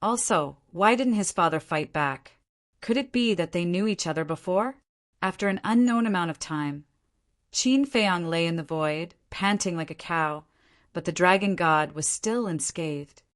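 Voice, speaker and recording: A woman narrating a fantasy novel as an audiobook in a steady, measured storytelling read. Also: on the low side.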